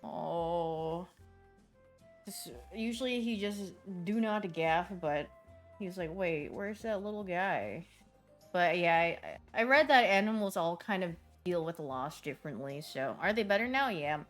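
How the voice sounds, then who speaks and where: A young woman streamer in casual chat with viewers, telling stories in a chatty, animated way and putting on voices for the people in them. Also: lowish voice, a little slow, faint music behind.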